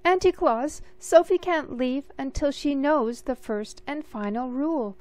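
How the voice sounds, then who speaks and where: A woman voicing a fussy, anxious male elf assistant in a storybook read-aloud, high and fretting. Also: a little slow, darkish tone, no echo. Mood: flustered.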